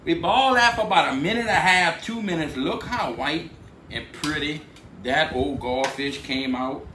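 A man's voice: fairly high pitch, normal speed, bright, forceful tone, a little hiss or hum. Laid-back Cajun man cooking, echoey. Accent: Cajun Louisiana. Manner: laid-back drawl, says "dude" a lot. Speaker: cooking channel host. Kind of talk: cooking video narration.

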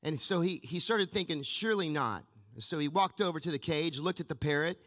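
Pastor preaching in a reverberant hall. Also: male voice, fairly high pitch, a little fast. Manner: energetic storytelling preacher. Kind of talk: sermon. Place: church sanctuary. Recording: long reverb of a large church hall.

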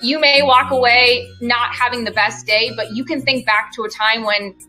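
A woman's voice: on the high side, fairly even intonation, normal speed, faint music behind. A woman sixth grade teacher speaking enthusiastically about teaching in a recorded testimonial. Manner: enthusiastic, warm-hearted.

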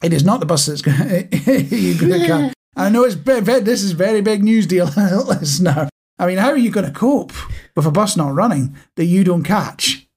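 A man's voice: high-pitched, sing-song, normal speed, darkish tone, slightly rough. Man co-hosting a podcast, wry and dry. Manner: wry, dry humour, addresses listeners directly. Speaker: podcast co-host. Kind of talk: casual chat.

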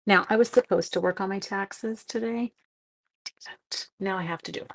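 A woman's voice: medium pitch, normal speed. A middle-aged woman chatting to viewers during a casual live-stream card-making demo, with silly sound effects.

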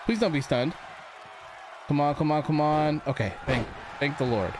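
A man with a high voice calls his game as he plays, excitable and loud in his reactions. He jokes and argues with the characters on screen. Clear noise hums under the recording. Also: normal speed, a crowd in the background. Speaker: gaming channel host. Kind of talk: let's play commentary.

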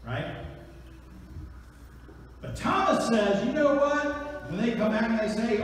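A man preaching an Easter sermon, dropping to hushed tones and then rising to excited shouts. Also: very high-pitched, slow pace, pauses often, a little hiss or hum. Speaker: pastor. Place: large church sanctuary. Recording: echoey church hall from far off.

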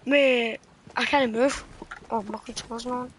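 A woman chatting casually with friends while playing a game, teasing them and bursting into excited shouts. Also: a little high, normal speed. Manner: playful trash talk, bursts of excited shouting. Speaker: gamer streaming with friends. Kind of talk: casual gameplay chat. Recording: noisy background.

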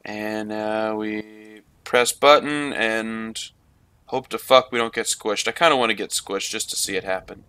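A man's voice: lowish voice, unhurried, pushed and bright, clear, resonant tone, no room sound. A man giving running let's play commentary on a game, swearing often and talking to himself and at the game. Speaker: gamer.

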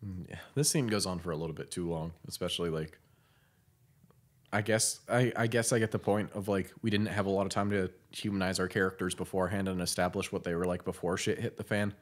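A man's voice: sits low, fairly even intonation, a little fast. A man co-hosting a casual film commentary podcast, joking, laughing often and swearing freely. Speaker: podcast co-host.

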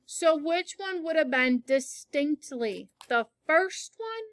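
Patient high-voiced woman teacher. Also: animated, slow, no echo. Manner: patient, explains words with examples. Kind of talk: classroom read-aloud lesson.

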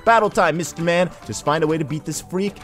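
Guy doing a peppy goomba girl, cheering you on, kinda high. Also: a little fast, fairly bright tone, faint music behind, lightly acted. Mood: perky. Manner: perky, encouraging.

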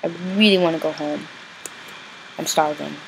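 A man giving rambling, chatty video game commentary as a channel host, breaking into exasperated yelling when things go wrong. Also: fairly high pitch, fairly even intonation, moderate pace, gravelly, heavy background noise.

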